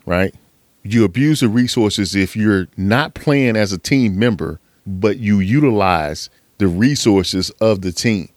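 A man delivers a motivational podcast monologue in a low, dry voice. He swears freely, presses his points over and over, and preaches with fired-up conviction. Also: dry recording. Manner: profane, fired-up preaching with frequent laughs. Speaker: podcast host.

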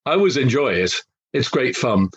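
A Liverpool man, his accent only faintly there, co-hosts a casual book chat with wry, rambling self-deprecation. His voice sits at medium pitch with big swings, moves at normal speed, and has crowd noise behind it.

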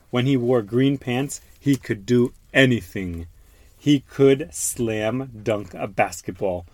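A man's voice: mid-range voice, dry recording. A man in his thirties reading a picture book to his young son, stopping to explain words. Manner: warm questions to the child, explains words.

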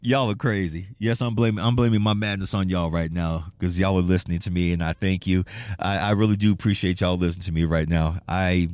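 A man's voice: low-pitched, fairly even intonation, fairly quick, clean tone, no room sound. A man hosting a casual solo podcast, rambling and swearing, laughing often and restarting his sentences. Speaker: podcast host.

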